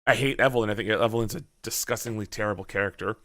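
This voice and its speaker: A man chatting on a podcast, telling a story in an animated way and acting out his own reactions, with a lot of swearing. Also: on the low side, fast. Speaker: podcast host. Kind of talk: casual podcast chat.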